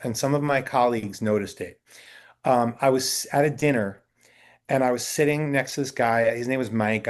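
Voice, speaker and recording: A man being interviewed about his work as a talent agent. He tells his stories in an animated, anecdotal way at an ordinary pitch. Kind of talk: casual interview.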